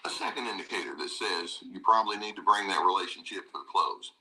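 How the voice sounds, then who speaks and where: A man in a played clip, explaining step by step in a measured way the signs that a relationship should end. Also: sits low, pushed and bright, rough recording. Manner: measured, explanatory, lists indicators. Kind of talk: advice talk clip.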